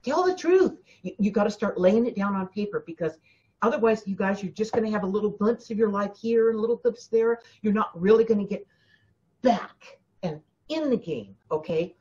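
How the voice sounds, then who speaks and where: A woman's voice: medium pitch, a little fast, mellow, muffled recording. A woman hosting a spiritual coaching talk, speaking emphatically to her listeners, often repeating herself and addressing them directly. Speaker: spiritual teacher and host.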